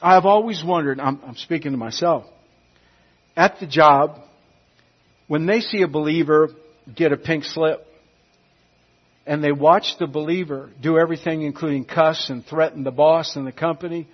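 A man preaching a sermon, emphatic, swinging between hushed and loud. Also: a little high, normal speed, long pauses, breathy edge. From United States. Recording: dull lo-fi recording.

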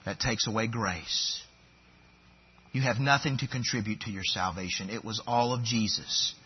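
Husky-voiced pastor preaching fervently. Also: male voice, on the low side, moderate pace, lo-fi sound. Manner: preaching with rising fervor, emphatic repetitions. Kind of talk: sermon.

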